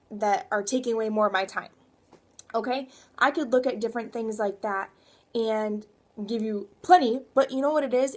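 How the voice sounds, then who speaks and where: A young woman fitness coach giving a rambling, emphatic motivational talk to her viewers. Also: a little high. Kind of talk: motivational vlog.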